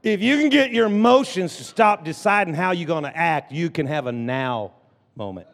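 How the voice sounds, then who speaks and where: A man preaching a lively sermon as pastor, drawing the congregation into call-and-response. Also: on the high side, moderate pace. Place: church sanctuary. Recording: long church hall reverb.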